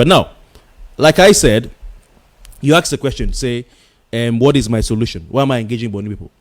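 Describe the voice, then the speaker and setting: A man hosting a radio talk show, insistently arguing with a caller and repeating himself to hold the floor. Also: mid-range voice. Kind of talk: heated on-air argument with a caller.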